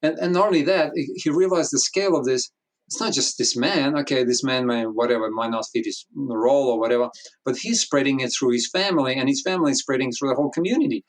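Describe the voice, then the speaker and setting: A man's voice: medium pitch, fast. A man speaking as an interview guest, telling a story with a lot of restarts and acting out the dialogue. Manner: animated storytelling, acts out quoted dialogue, frequent restarts. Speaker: guest, business consultant. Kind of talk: conversational interview.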